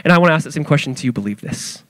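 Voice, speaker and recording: A male pastor preaching an animated sermon to his church, acting out quoted voices as he goes. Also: a little high, very fast, no echo.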